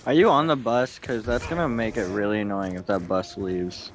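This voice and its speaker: A young man in a casual gaming voice chat, giving quick reactive callouts during play. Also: lowish voice, fairly even intonation. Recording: noisy voice-call audio.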